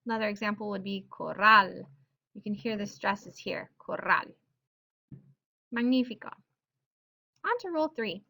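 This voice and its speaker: A woman teaching Spanish pronunciation rules to her viewers, upbeat and sounding out example words slowly with emphasis. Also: mid-range voice, expressive. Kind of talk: explaining pronunciation rules to camera.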